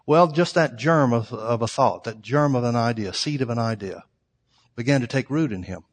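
A man's voice: medium pitch, normal speed. Man preaching in a reverberant hall. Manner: storytelling, earnest, addresses listeners as folks. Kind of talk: sermon.

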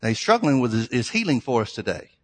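A man's voice: medium pitch, very animated, fast, husky. A man preaching a sermon, reading scripture aloud and retelling a story with fillers and restarts. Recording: long hall reverb.

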